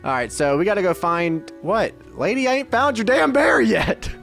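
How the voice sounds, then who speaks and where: A man riffs over his gameplay in a let's-play, mouthing off at the characters with profane, cocky trash talk. His voice leaps all over the place, from low mutters up to sudden high yelps. Faint music sits under his commentary. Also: sing-song, normal speed, creaky, a bit bright. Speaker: gaming YouTuber.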